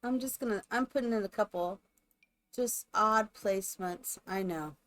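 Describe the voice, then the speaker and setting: A woman's voice: mid-range voice, normal speed, fairly bright tone. A woman live streamer chatting casually and rambling to her viewers while she builds in a game. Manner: chatty, rambling, talks to chat.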